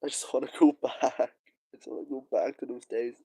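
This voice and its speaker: A young man muses in a loose, rambling monologue, full of fillers, sighs and wistful pauses. His voice is dark and mellow, and it sits in a dry, close space with no room sound. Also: mid-range voice, vocal fry, husky, dry recording. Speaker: vlogger. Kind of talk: casual nostalgic monologue.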